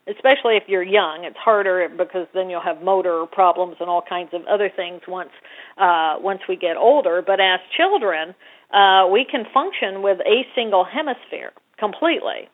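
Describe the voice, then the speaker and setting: A woman guest explaining ideas in a conversational way. She gets animated and acts out little scenes with a rising voice. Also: medium pitch, slightly rough. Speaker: guest brain scientist. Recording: tinny phone-line audio.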